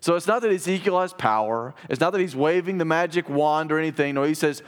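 A man preaching a sermon in an earnest, explanatory way, slowing down to give scripture readings weight. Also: medium pitch. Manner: earnest, explanatory, reads scripture slowly with emphasis. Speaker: pastor. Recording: long reverb of a hall.

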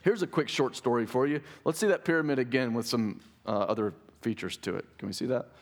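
A man's voice: mid-range voice, brisk. A male pastor preaching a sermon in a church, talking in an earnest, conversational way and often checking in with listeners.

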